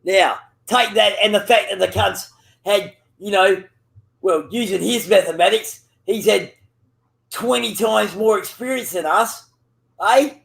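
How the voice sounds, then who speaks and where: A high-pitched man chatting with a friend while gaming. He rambles, trades insults and swears in nearly every sentence, circling back through fillers as he goes. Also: measured pace, vocal fry, a bit bright. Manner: profane, rambling, teasing. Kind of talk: casual banter over voice chat.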